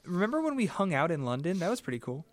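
A man's voice: sits high, big pitch swings, fast talker, no room sound, clean studio sound. A man co-hosting a music podcast, easygoing and laid-back. He often calls his co-host "man". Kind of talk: casual chat.

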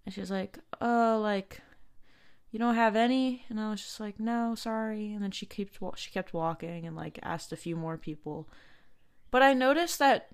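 A young woman hosting a podcast, telling a personal story in a casual, halting way, full of fillers and restarts. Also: medium pitch, clear, resonant tone. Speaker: podcast host.

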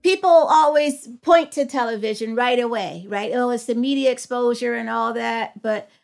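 This podcast guest is a middle-aged psychology professor who shares a personal story in an earnest, reflective way, acting out the dialogue in a raised voice. She speaks at a normal pace with a fairly high, creaky voice.

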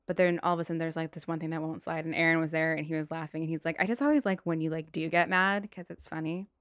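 A woman's voice: low-pitched, fairly even intonation, fast talker, smooth, dry recording, clean studio sound. A young woman hosting a casual solo podcast, telling blunt, profane stories and acting out her own outbursts. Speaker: podcast host.

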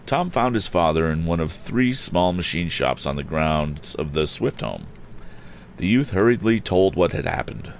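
A man with a very deep voice reads a storybook aloud. His intonation rises and falls freely, and he steps out now and then to make wry, joking remarks. A faint noise sits in the background. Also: animated, normal speed, vocal fry. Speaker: audiobook reader. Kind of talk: storybook narration with casual asides.

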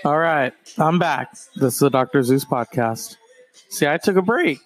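A man's voice: fairly high pitch, expressive, normal speed, soft background music. A man hosting his own solo podcast, talking casually with profane, rambling, sarcastic asides. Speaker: podcast host. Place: home in the countryside.

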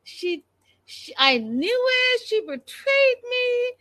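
A woman's voice: big pitch swings, takes it slowly, sharp tone, full character voice. A woman putting on a mocking impression of a wailing, melodramatic betrayed middle-aged woman. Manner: shrill, sobbing, mocking exaggeration.

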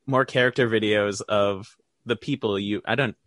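A man co-hosting a casual chat, lively and teasing, laughing often. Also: on the low side, moderate pace, dry recording.

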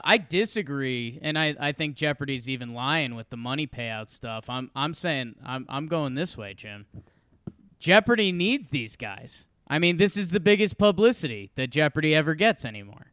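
A young man co-hosting a casual chat, telling stories in an animated, joking way. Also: on the high side, smooth, dry recording. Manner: animated storyteller, jokey, quick asides. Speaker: podcast co-host.

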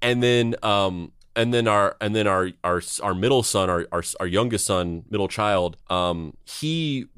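Podcast host, man in his thirties, lowish voice, loose rambling delivery full of restarts, dry close mic. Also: unhurried, hardly any pauses, fairly bright tone, clear, resonant tone, dry recording. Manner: rambling, with many restarts and repeated words. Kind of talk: casual podcast chat.

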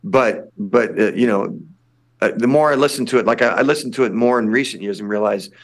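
An older man who fronts a punk band chats casually as a podcast guest, speaking briskly in a mid-range voice. His interview talk rambles, with many restarts.

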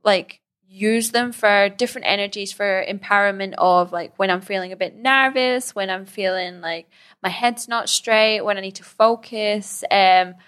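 A young woman talking easily about her training, her speech loose and full of fillers. She laughs often as she talks, and her voice sits at an ordinary middle pitch. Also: fairly even intonation, moderate pace, fairly bright tone. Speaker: Muay Thai fighter, guest. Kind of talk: casual interview chat.

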